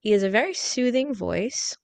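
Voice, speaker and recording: A woman's voice: on the high side, expressive, normal speed, dry recording. A woman hosting a radio interview, chatty and enthusiastic, with frequent "like" fillers, in a radio studio. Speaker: radio show host. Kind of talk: casual interview chat.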